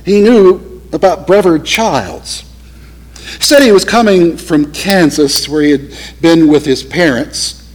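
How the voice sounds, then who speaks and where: A male pastor telling a story in a sermon, earnest and slowing down for emphasis. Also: fairly high pitch, rough recording.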